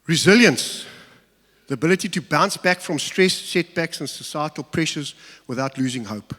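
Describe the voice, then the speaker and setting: In a church hall with long reverb, a middle-aged pastor preaches a sermon in a slightly high, animated, a bit bright voice at normal speed. He tells stories with humor and acts out asides.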